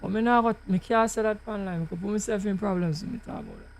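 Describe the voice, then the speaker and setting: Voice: mid-range voice, fast, vocal fry, poor audio. A host chatting in a rambling, guarded way while playing a driving game. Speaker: gaming channel host. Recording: vehicle noise from the game behind the voice.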